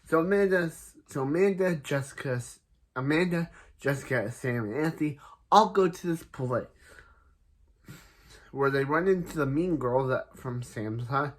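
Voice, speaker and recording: A man's voice: mid-range voice, unhurried. A man casually recapping a TV episode, rambling and restarting sentences, paraphrasing each character with "he's like". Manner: laughs at a character's name.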